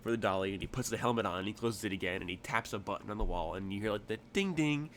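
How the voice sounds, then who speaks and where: Lowish guy gm rambling through a scene, lots of likes, faint hiss behind. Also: steady tone, racing, a bit bright. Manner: loose, rambling narration full of "like". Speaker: game master. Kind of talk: narrating a tabletop game.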